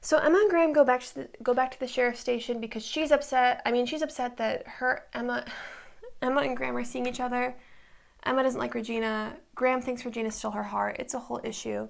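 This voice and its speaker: A woman's voice: a little high, fairly even intonation, fast talker, creaky. A woman in her twenties recapping a TV show in a casual, rambling way, full of likes and ums. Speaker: recap vlogger.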